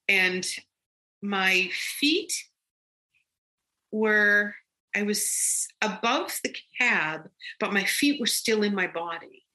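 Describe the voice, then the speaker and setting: Bright-voiced woman telling her story. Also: medium pitch, slow pace, rough recording. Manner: animated, rambling with restarts. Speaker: guest. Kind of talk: personal storytelling in conversation.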